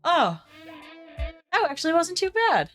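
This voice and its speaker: A woman voicing a gentle, protective young man in a tabletop game, soft and good-natured. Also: very high voice, huge pitch swings, unhurried, soft background music, pitched above the performer's own voice, exaggerated voice. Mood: playful.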